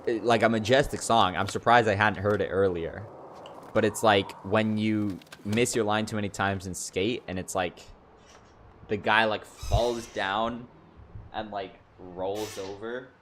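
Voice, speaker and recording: A man's voice: fairly low pitch, steady tone, a little slow, fairly bright tone, a little hiss or hum. A young man chatting casually on a livestream, rambling and filling his talk with "like" and "you know". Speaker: streamer.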